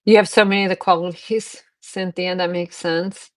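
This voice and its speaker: A middle-aged woman with a slightly low voice hosts a live selling stream. She chats casually and rambles through long personal stories. She keeps circling back to address her viewers directly. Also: fairly even intonation, normal speed. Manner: rambling anecdotes, restarts and fillers, talks to viewers. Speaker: live-stream seller host.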